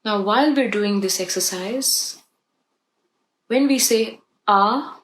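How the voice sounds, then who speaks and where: A woman leading a guided meditation, speaking softly and gently as she guides the breathing. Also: fairly high pitch, rough recording. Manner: slow, soft and gentle, guiding breathing.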